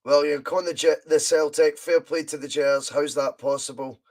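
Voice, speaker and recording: A Scottish man hosting a football podcast, giving live fan commentary on a match, chatty and reading out viewer comments, with excited bursts at chances. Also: a little high, moderate pace.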